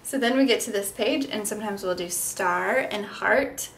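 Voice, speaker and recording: Her voice is medium-pitched and a bit bright, at normal speed, with slight hiss or hum on the recording. This young woman, a speech therapist, explains and demonstrates reading picture books to toddlers, breaking into sing-song, exaggerated sounds for kids.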